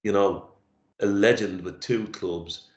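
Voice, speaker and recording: A middle-aged man co-hosting a casual chat, reflective and halting, his voice catching with emotion. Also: on the low side, fairly even intonation. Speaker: podcast co-host. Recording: roomy lo-fi sound.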